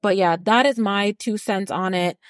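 A woman's voice: mid-range voice, moderate pace, dry recording. Fired-up woman ranting, close and dry. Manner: blunt, heated, swears freely. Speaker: podcast co-host. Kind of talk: casual reality-TV recap rant.

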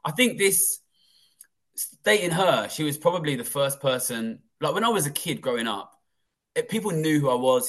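A man's voice: on the high side, expressive, moderate pace, a bit bright. Candid man telling his story. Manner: rambling, frequent swearing and fillers. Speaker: guest, former trader.

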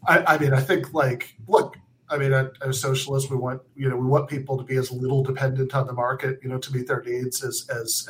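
Man on a podcast, mid-pitched, chatty political talk, lots of hedges and filler words. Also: poor audio. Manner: hedging, conversational, many "like" and "you know". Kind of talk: casual political discussion.

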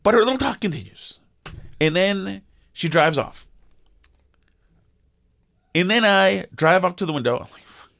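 A middle-aged man, co-hosting a podcast and telling a story in an animated, exasperated way with lots of restarts. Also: high voice, unhurried, creaky, pauses often, no echo. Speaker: podcast co-host. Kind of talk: casual storytelling chat.

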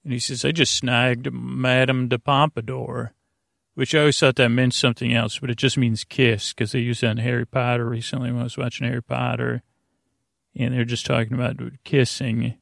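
A man recaps an episode as a podcast host in a casual, rambling way, halting with lots of "uh" fillers and restarts, and quoting characters in a plain voice. His medium-pitched voice is flat, creaky and fairly bright. The sound is studio quality with no echo.

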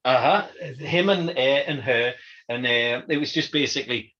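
A man's voice: medium pitch, normal speed, a bit bright. A man co-hosting a casual podcast, telling stories with animation and acting out quoted voices. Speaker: podcast co-host. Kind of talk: casual chat and storytelling. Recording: dull lo-fi audio.

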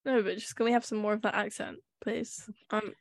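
A woman's voice: medium pitch, steady tone, a little fast, no echo. Rambling woman co-host, dry close mic. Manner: talks in long runs with many fillers. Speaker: podcast co-host. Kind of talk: casual podcast chat.

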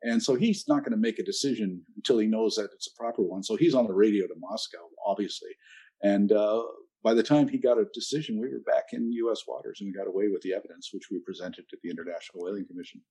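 An older man telling stories in an interview, measured and anecdotal with a dry sense of humor. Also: lowish voice, warm tone, slightly rough. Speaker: interview guest, ocean activist. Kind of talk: storytelling interview answers.

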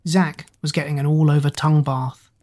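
A woman narrating a children's storybook, reading the narration between lively character lines. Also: deep voice, moderate pace. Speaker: audiobook narrator.

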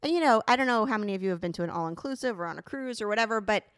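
A middle-aged woman on a podcast, telling a funny story in an animated, casual way and swearing freely. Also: mid-range voice, racing, clean tone, dry recording, studio quality. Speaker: podcast co-host.

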